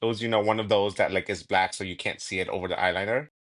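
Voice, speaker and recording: Low-voiced rambling male co-host. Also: steady tone, fast, fairly bright tone. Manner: rambling, self-interrupting, swears casually. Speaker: podcast co-host. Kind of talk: casual podcast chat.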